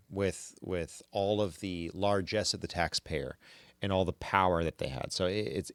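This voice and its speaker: A man's voice: low-pitched, no echo. A man hosting a podcast in casual chat, opinionated and stammering on his restarts. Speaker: podcast host.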